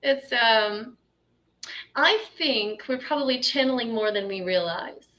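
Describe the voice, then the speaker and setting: A woman's voice: fairly high pitch, measured pace, bright, forceful tone, muffled recording. A woman guest on a podcast talking in a reflective, spiritual way, with many "um"s and "you know"s. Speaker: podcast guest, tantra teacher. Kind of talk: casual conversation.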